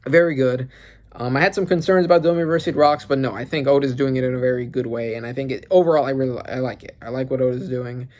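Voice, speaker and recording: A man with an ordinary, middle-pitched voice talks through his reactions in a loose, casual way. He thinks aloud, rambles between points, and turns excitable as he goes. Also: quick pace. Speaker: manga reaction channel host.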